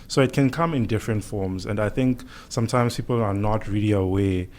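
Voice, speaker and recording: A man, speaking as a guest doctor in a radio podcast interview, calm and measured, explaining things with many "you know"s. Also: on the low side.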